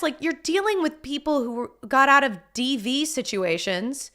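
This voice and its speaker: A woman's voice: high voice, animated, measured pace, bright, forceful tone. A woman streaming a casual reaction, blunt and exasperated, swearing and laughing between points. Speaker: streamer reacting to a news video.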